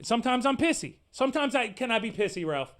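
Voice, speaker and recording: A man hosting a podcast, delivering an animated, profane, sarcastic rant in casual slangy talk. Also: extremely high pitch, quick pace. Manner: animated, profane, exasperated ranting. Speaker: podcast host. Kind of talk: casual ranting monologue.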